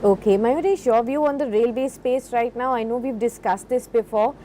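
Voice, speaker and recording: A woman's voice: on the high side, normal speed, warm tone, a little hiss or hum. A woman with an Indian English accent co-hosting a live market show, putting questions to guests in a conversational way.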